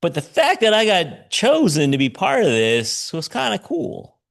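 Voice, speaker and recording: A man in his fifties delivers a sermon as a personal story, laughing often and stopping to correct himself mid-sentence. His pitch swings widely from high to low, which keeps the telling lively. He sounds like he is talking to his congregation rather than reading to them. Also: a little slow, gravelly. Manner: conversational storytelling with frequent laughs and self-corrections. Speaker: pastor. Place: church sanctuary.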